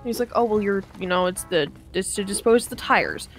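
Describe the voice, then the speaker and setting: A woman's voice: mid-range voice, expressive, brisk, soft background music. A young woman casually telling a long work story, acting out customers' lines and laughing often.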